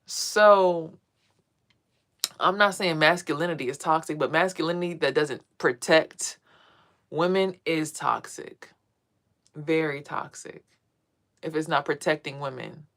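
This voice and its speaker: A woman's voice: low-pitched, measured pace, long pauses, a bit bright. A woman talking casually to her viewers as a spiritual vlogger, blunt and profane, telling stories with emphasis. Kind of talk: casual monologue to a live chat.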